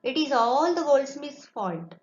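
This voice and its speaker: A woman reading aloud as a clever young merchant's daughter, speaking up brightly and reassuringly. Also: high-pitched, animated, unhurried, voice pushed up. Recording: roomy, dull classroom recording.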